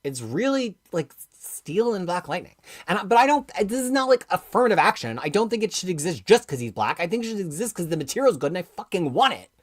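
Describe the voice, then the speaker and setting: A woman hosting a live comics stream, talking with passion and reading viewer comments aloud, going from quiet asides to loud, emphatic outbursts. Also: on the low side, very animated, fast. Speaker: comics livestream host.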